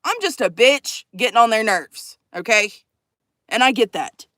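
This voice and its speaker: A woman telling a profane, animated story to her vlog audience, acting out the people in it. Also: a little high, unhurried, no echo. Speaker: vlogger. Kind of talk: casual storytime chat.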